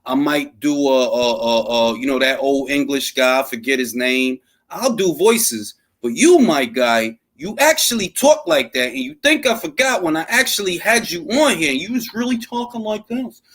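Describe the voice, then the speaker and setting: Animated, slangy man ranting about boxing. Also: medium pitch, moderate pace, hardly any pauses. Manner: animated, rambling and profane, full of fillers and slang. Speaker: host of a late-night boxing talk stream. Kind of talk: casual unscripted commentary.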